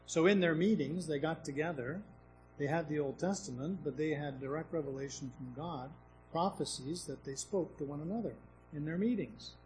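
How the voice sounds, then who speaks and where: A man's voice: a little high, moderate pace, a little mellow, poor audio. A man delivers a sermon in a slightly raised voice. He teaches scripture conversationally, posing rhetorical questions and often restarting his sentences. A faint hum sits behind the recording. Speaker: preacher.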